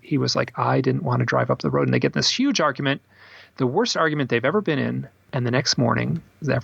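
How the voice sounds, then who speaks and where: Male author as podcast guest, husky and gravelly, animated storyteller, dull dry recording. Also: medium pitch, no room sound. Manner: animated storyteller acting out quoted voices. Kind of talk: storytelling in a casual interview.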